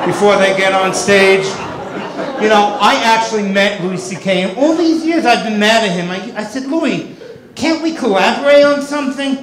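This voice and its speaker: A man doing a stand-up comedy set in a club with wisecracking, deadpan delivery. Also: high voice, reverberant, noisy background.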